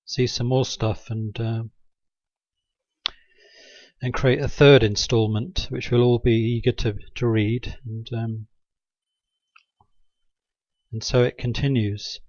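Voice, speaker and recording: A man talks in a loose, sarcastic monologue, stopping often on ums and restarts. His voice sits in an ordinary middle pitch. The recording is dry and a little dull, like cheap home audio. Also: fairly even intonation, takes it slowly, pauses often, darkish tone, dry recording. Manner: sarcastic, hesitant with many ums. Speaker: video maker. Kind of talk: rambling satirical monologue.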